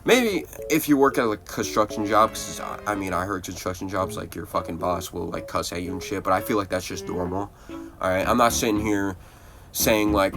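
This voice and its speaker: A man's voice: low voice, normal speed. A young man telling a rambling, profane story in casual storytime style while gaming. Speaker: gaming video creator. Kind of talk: casual storytime over gameplay. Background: guitar music.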